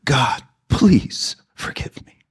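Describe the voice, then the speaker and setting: A man voicing his gruff, tough dying old father in a hushed, gritted-teeth whisper. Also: takes it slowly, lightly acted. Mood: gritting teeth.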